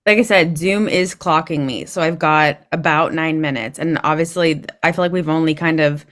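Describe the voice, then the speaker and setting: Host, female, lower voice: searching, filler-heavy delivery, video-call sound. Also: fairly even intonation, normal speed, a bit bright. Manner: hesitant, filler-heavy responses. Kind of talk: interview over a video call.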